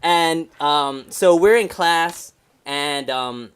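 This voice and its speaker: A man's voice: a little high, drawn-out words, fairly bright tone, clear, resonant tone. A man in his twenties rambling through stories in casual podcast chat, full of restarts and fillers, swearing freely. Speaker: podcast co-host.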